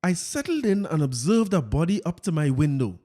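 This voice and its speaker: A man's voice: on the high side, very animated, moderate pace, warm tone. A man reading aloud as a stiff, formal male government minister, in wordy, stilted officialese.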